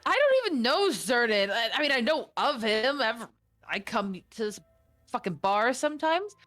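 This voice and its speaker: A woman's voice: a little high, very animated, normal speed, fairly bright tone. A woman voicing a cocky male barroom troublemaker who mocks, swears and dodges questions. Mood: defensive. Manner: mocking and evasive, swears.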